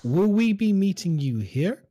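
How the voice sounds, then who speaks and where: Muttering man over loud noise. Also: high voice, sing-song, unhurried. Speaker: player. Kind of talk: casual game chat.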